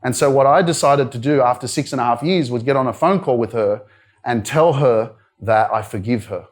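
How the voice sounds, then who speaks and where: An Australian man in his younger years speaks at a live motivational event. He tells his own story in a loose, candid way, full of "like" and "you know". His voice sits at an ordinary middle pitch. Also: fairly quick. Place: wellness centre event room.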